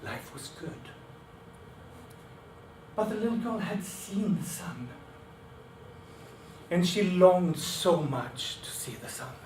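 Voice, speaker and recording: A man tells a folk tale as a speech, expressive and dramatic in his delivery. His voice sits fairly high and moves slowly. It is picked up from a distance in an echoing meeting room, with faint noise behind. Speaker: club speaker. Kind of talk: storytelling speech.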